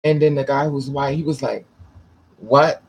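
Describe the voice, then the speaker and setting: A man's voice: mid-range voice, little pitch movement, fast, gravelly, dark tone, a little hiss or hum. A man vlogging, telling a personal story casually, rambling with restarts and swearing.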